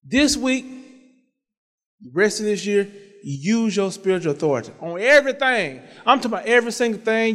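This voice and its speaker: Fervent high-voiced preacher in a reverberant church. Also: male voice, animated, brisk, a bit bright. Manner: fervent, half-sung repeated phrases; conversational storytelling with frequent amens. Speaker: pastor. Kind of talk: sermon with personal testimony. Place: church sanctuary.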